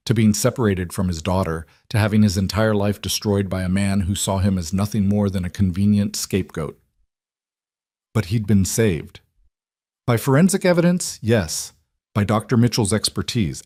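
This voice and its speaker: Male narrator, lowish dry voice, steady scripted storytelling. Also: normal speed, no room sound.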